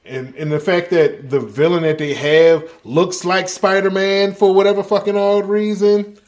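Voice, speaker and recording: High-pitched dude on a podcast, sarcastic, swears a lot, pretty blunt. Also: male voice, fairly even intonation, a little slow, a little mellow. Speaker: podcast co-host. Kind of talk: casual chat.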